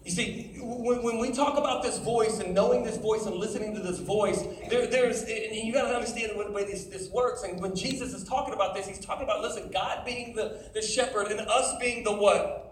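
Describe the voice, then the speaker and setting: High-voiced man preaching in an echoey hall. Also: a little fast. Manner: animated, calls for audience responses. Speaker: youth speaker. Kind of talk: sermon. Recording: echoey hall from far off with faint noise.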